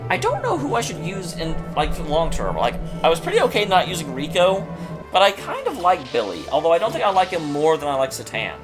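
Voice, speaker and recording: An animated man chats through a game stream, his pitch bouncing as he jokes and rambles. He keeps it casual, with faint game music behind him. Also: fairly quick, poor audio. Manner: chatty and joking, with lots of "like". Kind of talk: casual let's-play commentary.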